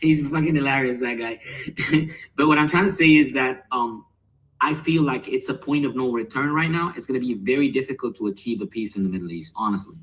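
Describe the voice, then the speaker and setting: A man's voice: mid-range voice, fairly quick, fairly bright tone, low-quality recording. A man calling into a live discussion stream, talking in a rambling way, laughing often and swearing casually. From born in London. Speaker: call-in guest. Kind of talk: casual livestream debate.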